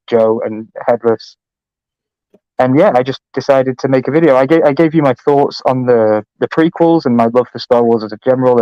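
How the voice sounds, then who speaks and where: A man's voice: mid-range voice, clean tone, no echo. A man on a video call, talking enthusiastically as a guest. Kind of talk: casual chat. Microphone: computer mic on a call. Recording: dull, dry computer call audio.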